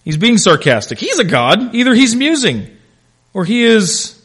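A man teaching a Bible class in a conversational way, telling stories with animated delivery and calling on class members by name. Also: high voice, moderate pace, slightly rough.

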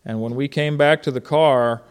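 A man's voice: mid-range voice, fairly even intonation, normal speed, clean tone. A middle-aged man preaching a sermon in a conversational way, asking his congregation questions and telling stories from home. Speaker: pastor.

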